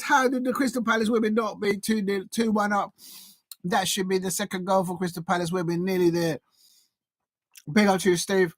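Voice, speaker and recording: A man's voice: high voice, a little fast, no room sound, studio quality. A man hosting a fan watch-along of a football match, chatting and cheering at the action. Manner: excitable, cheers and pleads at the action, chatty asides. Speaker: football fan channel host.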